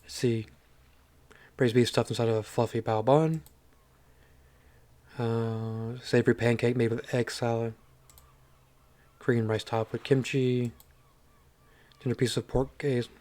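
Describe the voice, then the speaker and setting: A man's voice: mid-range voice, fairly even intonation, measured pace, pauses often, warm tone. A man reading a story game aloud and commenting on it with amused asides. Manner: amused, reads with chuckles and asides. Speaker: gaming channel host.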